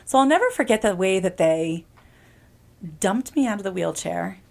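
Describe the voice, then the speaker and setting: A woman's voice: medium pitch, expressive, normal speed, gravelly. A woman in her thirties, a podcast guest, telling a personal story in an earnest, emphatic way, often restarting mid-sentence.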